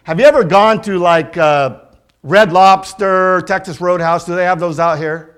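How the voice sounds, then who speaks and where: A middle-aged male pastor delivers a sermon with a notably high-pitched voice. He drives his points home by repeating key phrases, slowing down and leaning on the words he wants to stress. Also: fairly bright tone, clear, resonant tone. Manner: emphatic preaching with repetition and slow stressed phrases.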